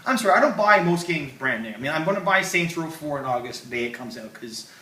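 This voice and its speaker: A man hosting a comedy show, rambling and joking with loud bursts, in an echoey room. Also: fairly high pitch, big pitch swings, fast, recorded from a distance. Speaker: comedy podcast host. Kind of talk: casual comedy banter.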